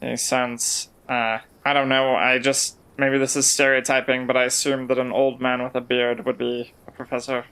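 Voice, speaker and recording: A man's voice: mid-range voice, monotone, normal speed, hardly any pauses, a bit bright, smooth. A man playing a tabletop game, eager and playful as he explains his moves. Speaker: player.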